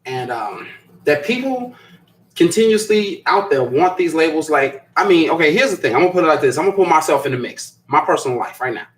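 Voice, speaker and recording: Reading out viewer comments, a live stream host with a fairly high-pitched, animated voice chats casually at a fairly quick clip. Rambling and repetitive, he laughs a lot, and the audio sounds rough.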